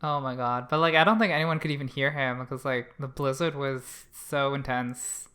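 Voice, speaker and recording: A chatty co-host reviewing an anime episode, loose and animated, with plenty of "like" and "um". The voice is bright and forward, with swearing mixed into fast asides. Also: mid-range voice. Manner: chatty, animated, many fillers and acted asides. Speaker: podcast co-host. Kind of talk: casual anime review chat.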